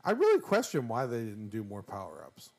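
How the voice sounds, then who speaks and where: A man's voice: on the low side, huge pitch swings, fairly quick, creaky, a little mellow. A man in his thirties co-hosts a laid-back podcast conversation. He jokes freely and keeps slipping into goofy voices to act out bits. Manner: joking, jumps into goofy quoted voices. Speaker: podcast co-host. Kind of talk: casual chat.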